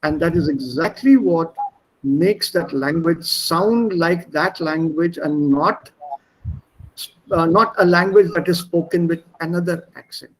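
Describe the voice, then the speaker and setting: Heard through a low-quality recording, a middle-aged man with an Indian accent speaks at a measured pace in a slightly high voice. He's a language teacher running an online class over a video call, explaining at length, repeating himself, and spelling words out loud.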